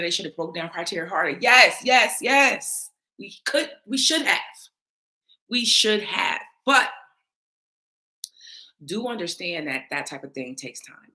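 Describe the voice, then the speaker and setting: Blunt woman panelist with a low, punchy voice; casual commentary, curses freely. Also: sharp tone. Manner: blunt, emphatic, swears freely. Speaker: battle rap panelist responding to viewer comments.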